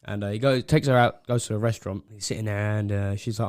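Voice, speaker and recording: A man's voice: on the low side, steady tone, fast talker, a little mellow. A man co-hosting a casual podcast, telling a long rambling joke with frequent laughs and trailing asides. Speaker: podcast co-host. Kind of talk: casual chat.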